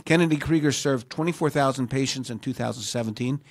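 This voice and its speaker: A man's voice: mid-range voice, quick pace, no echo. A man co-hosting a casual news chat, reading news items and joking along with his co-host. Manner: reads news items, jokes and laughs often.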